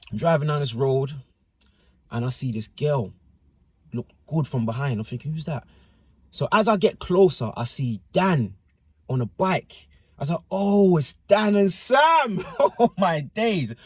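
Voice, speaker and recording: A man's voice: medium pitch, a little mellow, husky, no echo. A man telling a casual personal story to camera in slangy speech with constant tag questions.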